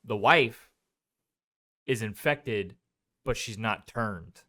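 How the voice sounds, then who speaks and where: In a casual movie review chat, a podcast co-host with a lowish voice and drawn-out words walks through the film's scenes. He retells them in an animated way, quoting and performing the characters' lines.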